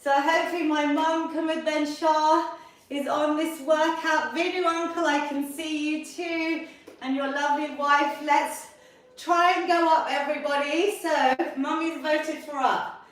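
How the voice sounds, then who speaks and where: Fitness lady in her 40s or so, high voice, cheery countdowns, sounds far off in a really echoey room. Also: steady tone, unhurried. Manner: upbeat and encouraging, counting down reps. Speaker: fitness instructor. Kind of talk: leading a live online seniors' workout class.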